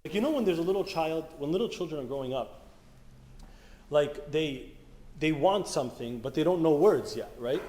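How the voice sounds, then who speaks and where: A man's voice: on the high side, expressive, moderate pace, warm tone. A man giving a casual, conversational sermon, often asking the audience questions. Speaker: speaker at a church youth meeting. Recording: echoey hall with faint room noise.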